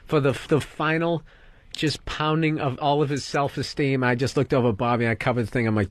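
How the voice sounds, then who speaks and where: A man's voice: medium pitch, fairly even intonation, fast. A man co-hosting a podcast, bantering in a blunt, teasing, profane way. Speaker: podcast co-host. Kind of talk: casual banter.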